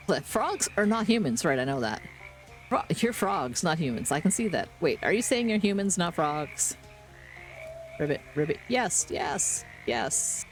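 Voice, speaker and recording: A woman streaming a game, reading the on-screen text aloud with playful, deadpan asides. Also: on the low side, moderate pace, faint music behind. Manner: playful, deadpan asides, does silly frog voices.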